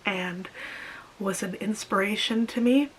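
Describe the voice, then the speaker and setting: A young woman vlogging about her grief, speaking while crying, halting and repeating herself. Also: medium pitch, a little hiss or hum, rough recording. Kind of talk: personal confessional vlog.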